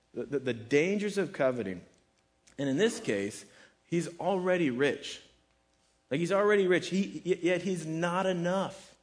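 A man preaching a sermon, talking conversationally with lots of fillers and repeating his points for emphasis. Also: mid-range voice. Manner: conversational, many fillers like "like" and "kinda". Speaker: pastor.

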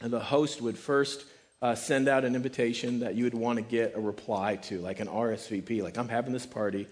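A man preaching a relaxed, conversational sermon on a Bible passage, joking and saying "like" often. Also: mid-range voice, fairly quick. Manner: relaxed and joking, heavy use of "like". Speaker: pastor teaching a Bible passage.

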